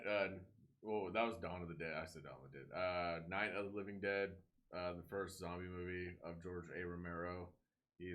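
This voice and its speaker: A young man co-hosting a podcast, telling a movie story in casual chat, swearing freely and acting out the characters' lines. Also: low voice. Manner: animated storyteller, swears a lot, acts out voices. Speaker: podcast co-host.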